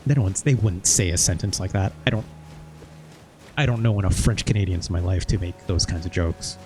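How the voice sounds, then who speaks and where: A man's voice: low-pitched, brisk, mellow, a little hiss or hum. A male streamer in casual gameplay commentary. He chats while he plays and mutters mild curses when things go wrong.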